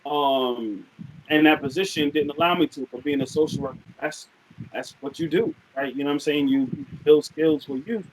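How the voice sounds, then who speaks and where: A young man talking as a podcast guest, relaxed and rambling, with frequent fillers in casual chat. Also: a little high, moderate pace, poor audio.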